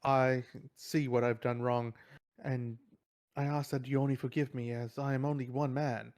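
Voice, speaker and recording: A man's voice: mid-range voice, flat delivery, normal speed, darkish tone, lightly acted. Man doing teenage brother, smug, cheesy, over-the-top lawyer delivery.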